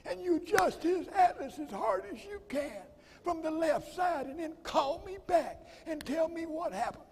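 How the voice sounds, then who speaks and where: A man voicing his blunt, excitable male chiropractor friend from Texas, raising his voice high and loud, heard in a reverberant hall. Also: normal speed. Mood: excited. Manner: loud, exclaiming, gruff.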